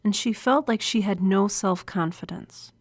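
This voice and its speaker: Close to a studio mic, a solo podcast host talks in an earnest, confiding way, smiling as she speaks. Her medium-pitched voice moves a little slowly, and the recording is dry.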